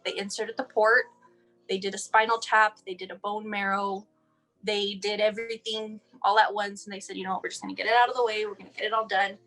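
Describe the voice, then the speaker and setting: A young woman from El Paso, Texas, her medium-pitched voice fairly bright, tells her child's story in an interview. She is emotional, performs the quoted dialogue, and restarts frequently. The audio is poor.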